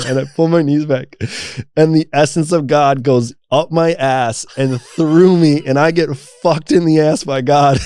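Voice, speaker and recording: A man's voice: a little high, measured pace, clear, resonant tone, no echo, clean studio sound. A man, a guest on a podcast, telling a personal story casually with lots of laughter and swearing. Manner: animated, laughing often, profane. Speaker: podcast guest, coaching program founder.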